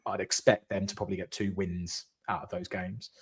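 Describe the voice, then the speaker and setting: Man, lowish pitch, casual fan chat, animated, swears now and then. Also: a little fast, a crowd in the background. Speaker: fan channel co-host. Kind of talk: live post-match fan chat.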